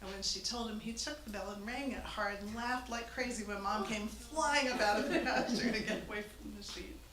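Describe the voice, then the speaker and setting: Speaking briskly in a mid-range voice, a woman amuses a live church-hall audience with a funny family story, chatting and laughing between lines. A crowd can be heard in the background, and the hall is echoey with faint noise.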